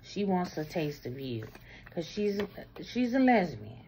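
A woman giving a casual tarot reading, talking bluntly and explicitly, swinging between loud bursts and low murmurs. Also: sing-song, measured pace, a little hiss or hum. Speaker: tarot reader.

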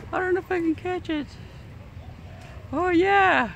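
A woman's voice: very high-pitched, takes it slowly, fairly bright tone, a little hiss or hum. A woman chatting casually while filming animals outdoors at a ranch, cooing at them in a playful sing-song voice. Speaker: vlogger filming a ranch visit. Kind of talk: casual running commentary.

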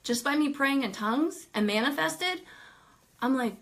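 A woman telling a ministry story in casual talk, animated and laughing often as she acts out what people said. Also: high-pitched, normal speed.

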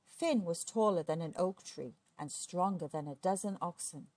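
A woman's voice: on the low side, normal speed, darkish tone, no room sound. Woman reading a children's book aloud. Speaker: storyteller.

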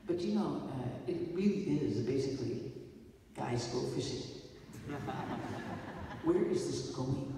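A woman's voice: rumbling low, lively intonation, slow, pauses often. Wry woman talking in an echoey hall. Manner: wry, rambling storyteller with playful asides. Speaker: filmmaker speaking after a screening. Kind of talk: stage talk to an audience. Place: large theater hall. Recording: echoey hall from far off, faint noise.

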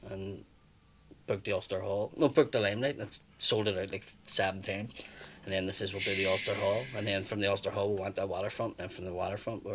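A man's voice: low voice, steady tone, quick pace, noisy background. A man in his thirties with a Belfast accent, a stand-up comedian telling stories bluntly, swearing freely and acting out what people said. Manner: blunt storyteller, swears freely, acts out quotes. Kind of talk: casual chat.

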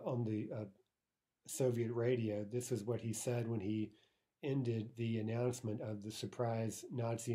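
A man teaching a casual spoken language lesson. He explains in a relaxed way, often checks in with "right?", and slows down to say example phrases. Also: on the low side. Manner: slows down to pronounce Russian examples.

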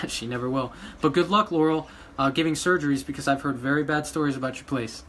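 A man who runs a dog rescue, ranting emotionally to his followers, pleading one moment and shouting defiance the next. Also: on the high side, quick pace, a little hiss or hum. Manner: agitated, pleading, swings between quiet and loud. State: emotional after crying. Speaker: vlogger running a dog rescue.

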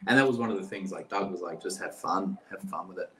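A man's voice: sits low, fast, reverberant, rough recording. A man in his thirties from Brazil, an actor guest casually telling stories with lots of filler words over a video call. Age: 30s. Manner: relaxed, rambling, many "like" fillers. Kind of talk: casual storytelling interview.

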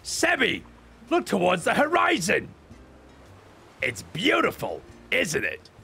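A man voicing a small, cheerful female merchant in a squeaky falsetto, speaking in prim formal phrases that break into crude jokes, as a comedic game voice-over. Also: wildly swooping pitch, slow pace, vocal fry, pushed and bright, a little hiss or hum, heavily acted. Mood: chipper.

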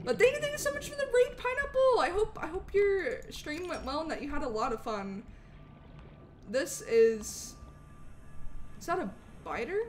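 A woman streaming a game live, chatting with viewers and swinging between loud greetings and low mutters. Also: animated, normal speed, long pauses, a little hiss or hum. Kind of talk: live gameplay commentary.

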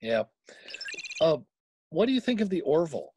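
A man's voice: on the high side, big pitch swings, moderate pace, warm tone, slight background noise. A man interviewing a guest in casual chat, asking brief, friendly questions.

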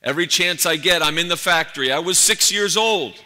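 A proud old New York shop owner, as a pastor puts him on, bright and forceful with a pitch pushed up higher than his plain voice. The long reverb of a big church hall trails every line. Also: fairly quick.

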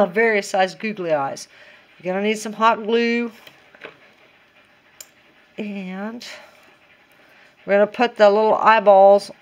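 A woman walks through a craft project in a relaxed, chatty tutorial. She giggles often and talks to herself as she works, in an ordinary mid-range voice. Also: medium pitch, slow, long pauses. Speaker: DIY craft vlogger.

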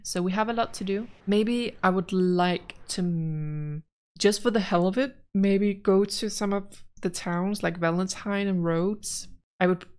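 A woman giving casual gameplay commentary, rambling frankly and with exasperation about the story as a let's play gamer. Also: on the low side.

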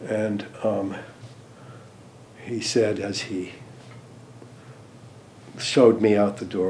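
An older American man, a former diplomat, recalling events in an interview, hesitant with many ums and restarts, trailing off softly at phrase ends. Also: fairly low pitch, fairly even intonation, extremely slow, long pauses. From United States. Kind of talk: interview recollection.

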